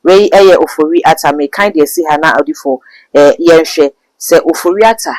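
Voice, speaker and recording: A man's voice: fairly high pitch, a little fast, a little mellow, no room sound, low-quality recording. Talk show host, man. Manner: reads documents aloud, conversational. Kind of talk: talk show hosting, reading statements aloud.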